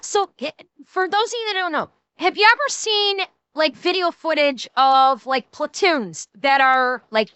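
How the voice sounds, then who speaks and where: A woman hosting a stream, reacting with short exclamations and then explaining a topic slowly. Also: high-pitched, pushed and bright, dry recording.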